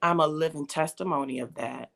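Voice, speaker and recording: Gravelly-voiced woman sharing a testimony. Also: deep voice, a little fast. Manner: emotional, storytelling, acts out quoted voices. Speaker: guest. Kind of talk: personal testimony in casual chat.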